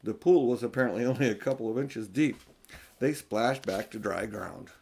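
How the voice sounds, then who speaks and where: An older man narrating a children's audiobook in a gentle, expressive, grandfatherly way. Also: mid-range voice, moderate pace, gravelly, husky. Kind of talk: storybook narration.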